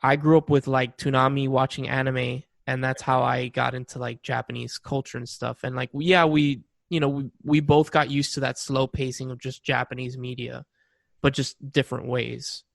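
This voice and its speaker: Gravelly, animated young man. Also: mid-range voice, normal speed, no echo, clean studio sound. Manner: animated, swears freely, many fillers. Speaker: podcast co-host. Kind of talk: casual chat.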